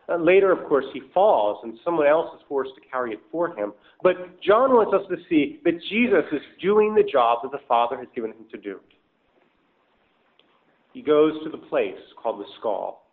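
A man preaching a sermon in a somewhat high voice, working through numbered points one at a time and explaining each. He lifts his voice to stress key words. The sound is thin and narrow, like a phone line. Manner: structured, explanatory, rises for emphasis. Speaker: pastor. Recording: tinny phone-like audio.

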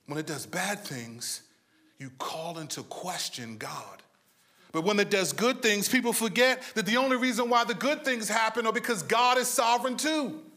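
A man preaching a sermon, moving between lively storytelling and hushed, slow emphasis. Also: sits high. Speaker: pastor.

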